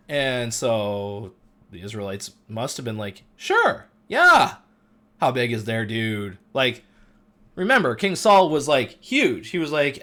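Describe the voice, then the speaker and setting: A man's voice: medium pitch, fairly bright tone. A man casually retelling a Bible story in slangy, playful speech, putting on voices for the characters. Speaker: host.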